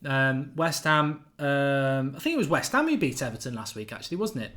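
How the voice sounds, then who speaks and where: A man hosting a football fan channel, giving opinionated predictions in casual live-stream chat, animated and full of fillers. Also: medium pitch, moderate pace.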